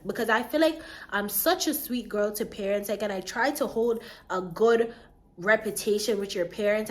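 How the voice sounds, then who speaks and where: A young woman vlogger telling a personal story, animated, acting out the voices of the people in it. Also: medium pitch. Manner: animated, acts out voices, lively swings. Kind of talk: storytime vlog.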